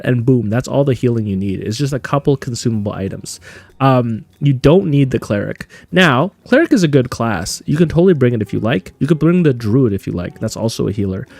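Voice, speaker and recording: A man's voice: mid-range voice, a little mellow, no room sound. A man live-streaming a game, talking chattily and answering viewers' questions as he plays. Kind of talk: live gameplay stream commentary.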